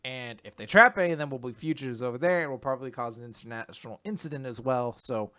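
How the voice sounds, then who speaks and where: Bright-voiced young man recapping casually. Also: medium pitch, fast talker. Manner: rambling summaries with animated quoted voices. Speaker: podcast co-host recapping manga. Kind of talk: casual chat.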